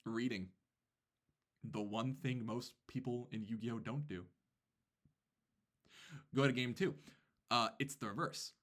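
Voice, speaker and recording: A man, a teacher, casually telling a story about his students, animated and quick with asides. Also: mid-range voice.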